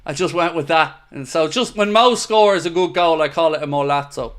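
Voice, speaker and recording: A man hosting a live football watchalong, excitable and blunt, swearing freely as he talks. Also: a little high, moderate pace. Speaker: host of a fan watchalong.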